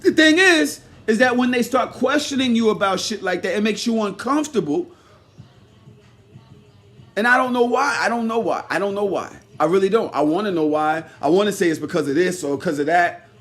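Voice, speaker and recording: High-voiced man ranting loudly. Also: expressive, fairly quick, faint music behind. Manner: swings between loud shouting rants and low muttering asides; heated, mocking and profane. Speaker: commentary vlogger. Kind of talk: ranting commentary.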